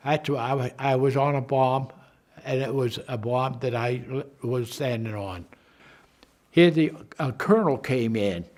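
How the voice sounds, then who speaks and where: A man in his nineties, a war veteran recalling his memories to the camera in a halting way, often repeating and restarting his words. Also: mid-range voice, a little mellow. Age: 90s.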